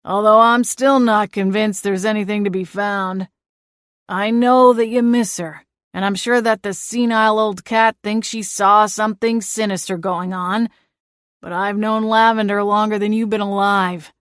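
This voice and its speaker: A woman's voice: medium pitch, steady tone, measured pace, fairly bright tone, no echo, clean studio sound, natural voice. A woman voicing an exasperated, long-winded male small-town sheriff who talks down to others.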